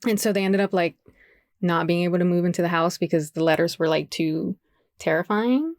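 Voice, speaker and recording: A woman's voice: lowish voice, a little fast, a little mellow, no echo, clean studio sound. A woman co-hosting a casual podcast, chatty and full of fillers as she tells folklore. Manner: chatty, many fillers, giggly asides. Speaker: podcast co-host telling folklore.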